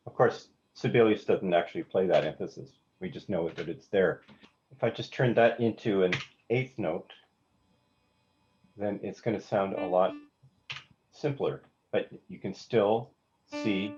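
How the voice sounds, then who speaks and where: A man with a low, unhurried, slightly mellow voice teaches rhythm in a songwriting class, hesitating, restarting words, and singing rhythms on "da" as he demonstrates. The lo-fi recording is slightly dull, with slight background noise and faint instrument playback.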